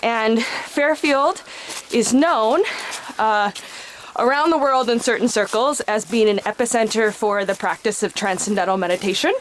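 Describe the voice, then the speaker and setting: A woman with a light Midwestern accent, a podcast guest telling her story in casual chat while hiking, a little out of breath, relaxed and quick to laugh. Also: fairly high pitch, a little hiss or hum. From Midwest United States. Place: outdoors on a hiking trail.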